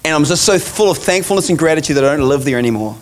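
Male preacher, high-pitched, chatty sermon storyteller. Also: animated, racing. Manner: casual, chatty, laughs through the story.

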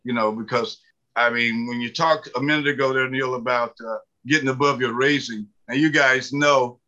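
This author and interview guest is a man in his seventies from the Southern American mountains, telling folksy, funny stories with many fillers. His medium-pitched voice is pushed and bright, with fairly even intonation at normal speed. The sound is lo-fi.

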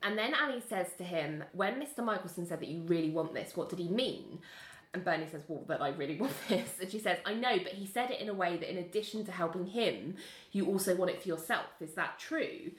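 A woman casually chatting as a podcast co-host, animatedly retelling scenes and acting out characters' lines in quick voices. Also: lowish voice, expressive, reverberant. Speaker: podcast co-host recapping a TV series. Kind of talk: casual chat.

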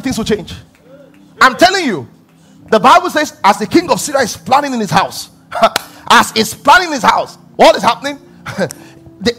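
Male preacher, high voice, punchy repeated phrases, faint music underneath. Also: breathy edge. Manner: emphatic, repeating phrases for stress; animated storytelling, often laughing. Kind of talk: sermon.

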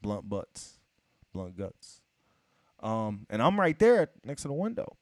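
A man telling a long story in casual chat, profane and animated, acting out what people said to him. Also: on the low side, slow pace, dry recording.

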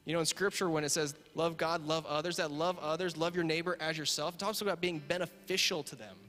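Male pastor, earnest sermon, emphatic repetitions, long church reverb, soft guitar underneath. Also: fairly high pitch, steady tone, quick pace. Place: church sanctuary.

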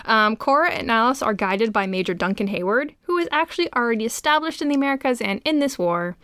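A woman's voice: on the high side, expressive, fast talker, fairly bright tone, clear, resonant tone, dry recording. A woman co-hosting a podcast, summarizing a novel's plot with dry asides in casual chat. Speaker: podcast co-host. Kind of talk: casual book discussion.

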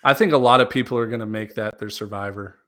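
A man co-hosting a sports podcast, easygoing and chatty as he weighs his picks. He talks things through out loud with filler words and restarts. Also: fairly low pitch, fast talker. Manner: relaxed, thinks aloud with fillers. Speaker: podcast co-host. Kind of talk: casual sports chat.

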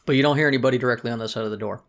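A man's voice: medium pitch, rapid-fire, gravelly, a bit bright. A man narrating as game master in a tabletop role-playing session, casual and joking. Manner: casual, joking, bro-ish.

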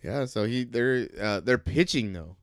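A man co-hosting a casual sports podcast, animated, laughing often and swearing freely. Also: medium pitch, a little slow, no echo, clean studio sound. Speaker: podcast co-host.

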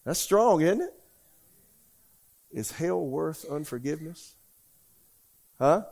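A man's voice: fairly high pitch, lively intonation, slow pace, creaky, a little mellow. An older man, preaching a sermon in a folksy, emphatic way and asking the congregation questions. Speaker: pastor.

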